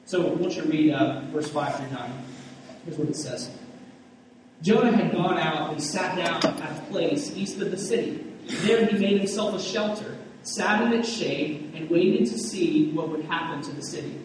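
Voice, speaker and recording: A man's voice: a little high, moderate pace, far from the mic, noisy background. A man preaching a conversational sermon, often restarting phrases and acting out the voices of the people in his story. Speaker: pastor. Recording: echoey hall, mic from afar.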